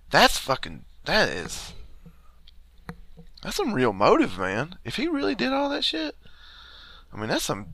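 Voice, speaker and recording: A man's voice: medium pitch, huge pitch swings, unhurried, pauses often, sharp tone. A man co-hosting a podcast in casual chat, incredulous and profane, swearing a lot as he reacts. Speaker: podcast co-host; teacher.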